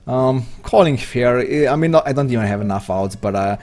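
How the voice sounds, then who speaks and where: A man's voice: mid-range voice, lively intonation, fairly quick, darkish tone, soft background music. A man from Slovenia with a Slovenian accent, chatting hesitantly and rambling as he commentates his own poker stream. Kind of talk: live-stream commentary while playing.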